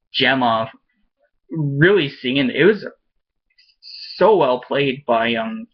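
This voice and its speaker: A man of middling pitch talks through a TV episode in a casual review. He rambles and stumbles over restarts with a fan's eager energy, and the recording sounds muffled and lo-fi. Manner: rambling and halting, with many restarts; enthusiastic fan, laughs often. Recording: dull lo-fi recording.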